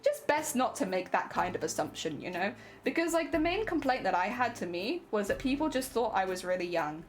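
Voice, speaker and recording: Chatty young woman, lively voice. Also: mid-range voice, fairly quick, faint music behind. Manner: chatty, laughs often, repeats words. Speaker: streamer. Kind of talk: casual chat while crafting.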